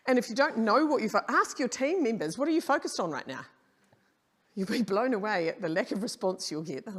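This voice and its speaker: A middle-aged woman, giving a conference presentation in an animated, frank storytelling manner with quoted dialogue. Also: medium pitch. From New Zealand. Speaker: keynote speaker.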